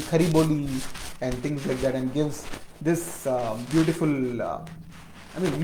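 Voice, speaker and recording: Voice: mid-range voice, a little mellow, a little hiss or hum. A lecturer explaining recited verses line by line in an informal, hesitant way, with many fillers. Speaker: lecturer on poetry. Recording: roomy echo.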